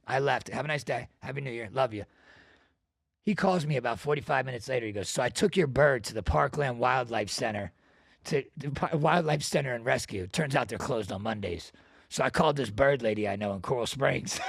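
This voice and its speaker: A man hosting a podcast, telling stories in casual chat, profane and animated. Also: mid-range voice, brisk, gravelly, dry recording, studio quality. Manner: profane, animated storyteller with bursts of loud laughter. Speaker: podcast host.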